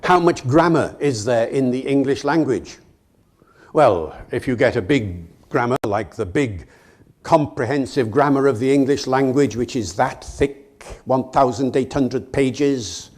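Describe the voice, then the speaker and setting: Male lecturer, humorous and lively, quizzes a live hall audience. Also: mid-range voice, unhurried. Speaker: guest lecturer.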